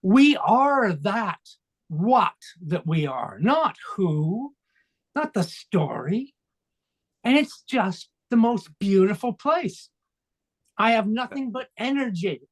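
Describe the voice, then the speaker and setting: A man's voice: high voice, very animated, slow. A man in his sixties from Canada, a coach and speaker, talking as an interview guest in an emphatic, fervent motivational way. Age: 60s. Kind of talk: interview conversation.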